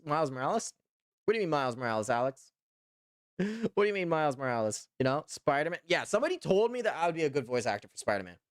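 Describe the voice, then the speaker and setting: Lively, rambling young male streamer. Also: on the high side, no room sound, studio quality. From Canada. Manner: rambling, repeats himself with lots of "you know" and "trust me". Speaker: VTuber streamer. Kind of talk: casual live-stream chat reading viewer comments.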